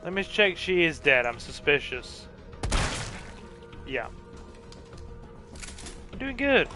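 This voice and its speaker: Tired male let's play host, unhurried, jokey, a bit high-voiced. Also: very animated, over music. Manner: joking, chatty, self-deprecating. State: tired, yawning. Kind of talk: casual gameplay commentary.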